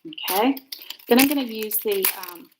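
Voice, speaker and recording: A middle-aged woman from Georgia, USA, demonstrates card making on a live stream, chatting and rambling casually with warm asides. Her voice is fairly high and her pace moderate, with heavy noise in the background.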